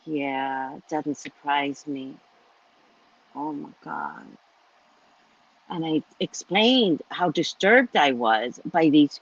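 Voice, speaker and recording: Woman, lively swooping delivery, husky voice, indignant and profane storytelling, dull lo-fi dry recording. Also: fairly low pitch, no room sound. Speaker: psychic reader and host. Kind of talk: casual storytelling rant.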